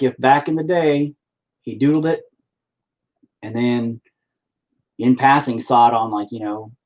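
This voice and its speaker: A man talking to his live stream viewers while painting, in a candid, profane and self-deprecating ramble. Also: medium pitch. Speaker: artist livestreaming while painting. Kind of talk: casual rambling chat. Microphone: laptop mic on a live stream.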